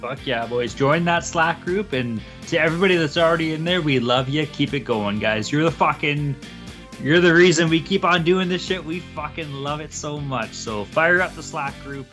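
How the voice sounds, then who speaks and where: A man's voice: a little high, normal speed, fairly bright tone, soft background music. A man co-hosting a sports betting podcast, casual, profane and hyped as he talks. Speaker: podcast co-host.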